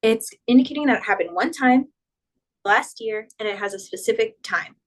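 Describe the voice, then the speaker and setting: Female teacher, patient explainer, walks through conjugation tables slowly and clearly. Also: fairly high pitch, lively intonation, poor audio. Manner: patient, spells out verb endings, slows down for examples. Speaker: Spanish teacher. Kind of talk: explanatory grammar lesson.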